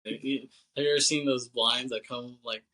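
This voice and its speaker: A man co-hosting a podcast, recapping a film plot in a loose, chatty way, full of "like", quick laughs and casual swearing. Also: medium pitch, fairly even intonation, bright, forceful tone, poor audio. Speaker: podcast co-host.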